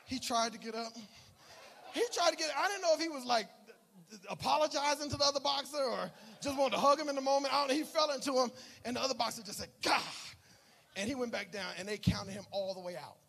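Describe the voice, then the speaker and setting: A man preaching a sermon as pastor, telling a story with animated swings between shouting and hushed asides. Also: very high-pitched, fast talker, creaky, slightly rough. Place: church sanctuary.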